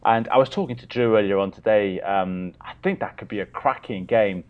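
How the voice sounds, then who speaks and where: A man's voice: on the low side, fairly quick. A man, chatting casually as a podcast co-host in an easygoing way. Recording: dull lo-fi sound.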